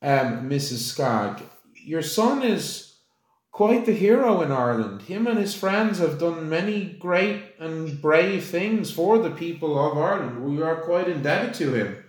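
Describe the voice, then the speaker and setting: A man voicing a gracious fae high queen, speaking slowly and formally. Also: animated, reverberant, low-quality recording. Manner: stately, slow and polite.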